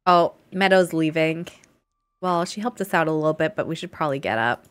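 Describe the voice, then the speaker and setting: A woman's voice: sits low, fairly quick, clear, resonant tone, faint music behind. Chatty woman streamer narrating her gameplay. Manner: chatty, giggly, talks to the game characters. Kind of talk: live gameplay commentary.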